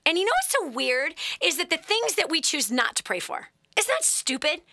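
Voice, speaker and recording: A woman hosting a call-in advice show tells her stories with animation, laughs often and acts out the voices in them. Her voice sits high and bright. The sound is close and dry. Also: very animated, moderate pace, vocal fry, no echo. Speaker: host. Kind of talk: radio call-in advice talk.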